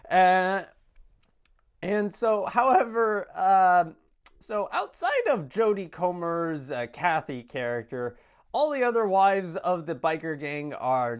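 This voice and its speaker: A man giving a casual spoken film review, rambling with many fillers and restarts. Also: on the high side. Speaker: movie reviewer.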